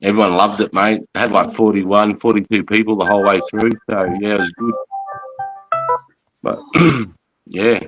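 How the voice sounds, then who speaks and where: A man's voice: on the low side, steady tone, moderate pace, pauses often, over music, rough recording. A man chatting casually on a live stream in a laid-back, easygoing way.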